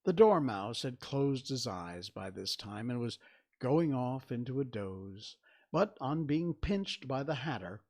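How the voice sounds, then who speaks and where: Slow gravelly man reading a storybook. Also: mid-range voice, animated, a little mellow. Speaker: reader.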